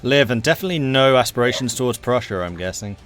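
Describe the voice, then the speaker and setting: A male commentator hosts a live strategy game stream, chatty and enthusiastic. His voice is mid-pitched, with faint music underneath. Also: expressive, fast talker, fairly bright tone. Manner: chatty, enthusiastic, laughs easily. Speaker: game match commentator and host.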